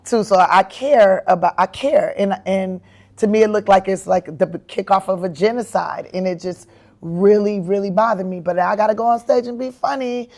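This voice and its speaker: Comedian lady in her 40s, aave, tells stories all animated, laughs a lot, pitch jumps up when she quotes herself. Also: normal speed. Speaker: comedian and actress, interview guest. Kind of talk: candid storytelling in an interview.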